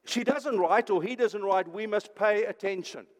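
A high-voiced older man delivers an impassioned sermon from the pulpit. He swings between loud, urgent declarations and hushed, almost whispered phrases. His voice carries a long reverb from the church hall. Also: normal speed. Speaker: pastor.

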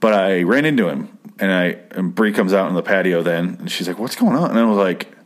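A man's voice: low-pitched, a little fast. A man casually telling a long personal anecdote, rambling off on tangents and swearing freely. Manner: rambling, profane, digressive. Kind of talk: casual storytelling.

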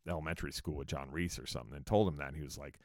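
A man's voice: extremely low pitch, steady tone, very fast, gravelly, no room sound, clean studio sound. A man telling casual, profane tour stories in a rambling way with joking asides. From California. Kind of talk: casual storytelling monologue.

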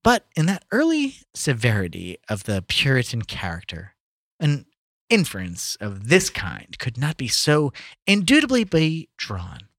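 A man's voice: medium pitch, huge pitch swings, a little slow, a bit bright. A man reading an old novel aloud, stumbling over hard words and breaking into profane outbursts. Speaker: reader. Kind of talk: comedic book reading with banter.

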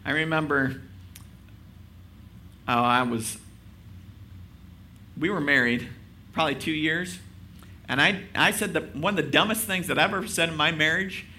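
Bright-voiced conversational male preacher. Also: fairly high pitch, unhurried, long pauses, slight background noise. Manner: casual, self-deprecating, asks the audience rhetorical questions. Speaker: pastor. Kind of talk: conversational sermon.

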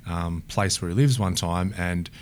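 Deep-voiced man, relaxed chat. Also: a little slow, slight background noise. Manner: relaxed, rambling storytelling. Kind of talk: casual conversation.

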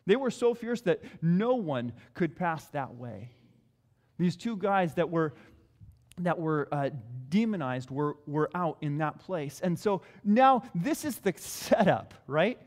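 High-voiced male pastor in a reverberant hall. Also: lively intonation, slow pace, a little mellow. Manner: conversational preaching, repeats key phrases. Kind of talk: sermon.

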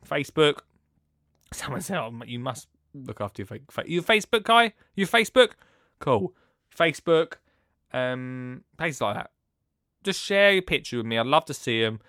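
A man hosting a podcast in a rambling, chatty way, swinging between loud bursts and hushed asides. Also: medium pitch, clear, resonant tone, dry recording, studio quality. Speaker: podcast host. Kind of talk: casual chat.

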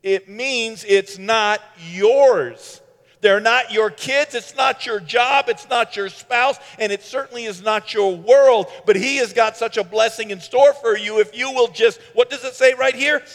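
High-voiced animated male preacher. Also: unhurried, big-room sound. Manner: animated, swings from loud to hushed, sarcastic asides. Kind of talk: sermon.

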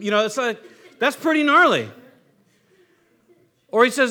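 Male pastor with a high voice, relaxed chatty sermon delivery, slangy and loose. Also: quick pace, pauses often. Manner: relaxed, chatty, with casual slang and many restarts. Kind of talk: casual conversational sermon.

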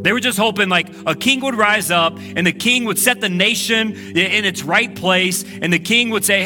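A male pastor gives a lively, conversational sermon to a church congregation. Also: sits high, moderate pace, music in the background. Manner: energetic, conversational preaching with frequent "like". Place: church sanctuary. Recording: live church service recording.

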